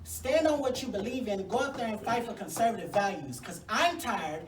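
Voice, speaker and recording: A woman's voice: a little high, animated, moderate pace, recorded from a distance, a little hiss or hum. A woman, a congressional candidate giving a sassy, folksy, fired-up campaign speech at a forum. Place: venue hall at a forum. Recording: echoey room, mic from afar.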